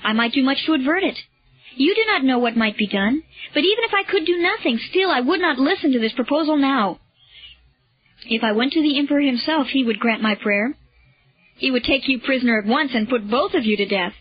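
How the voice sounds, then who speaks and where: An agitated man torn between pity and loyalty, as a woman reader voices him. He speaks emphatically in a fairly high voice, and the recording is dull and lo-fi. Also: lively intonation, a little fast, faint music behind. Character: anguished grown man refusing a friend.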